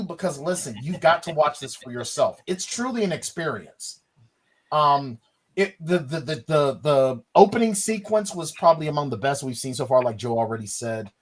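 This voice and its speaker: A man's voice: fairly high pitch, animated, normal speed. A man co-hosting a podcast, chatting enthusiastically about films and rambling a little with fillers. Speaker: podcast co-host. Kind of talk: casual film review chat.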